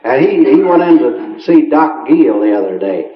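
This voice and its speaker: A man's voice: mid-range voice, big pitch swings, normal speed. Chuckling folksy country storyteller, man. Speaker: country humorist. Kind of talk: stand-up storytelling. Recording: roomy, muffled late-1970s live recording.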